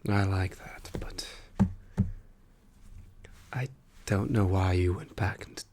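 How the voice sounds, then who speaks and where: A man's voice: low voice, slow pace, heavy background noise. A man whispering as Loki, the wry trickster clerk. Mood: musing whisper. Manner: soft whispering, musing and wry. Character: male trickster god, now a weary file clerk. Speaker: ASMR performer. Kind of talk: whispered role-play.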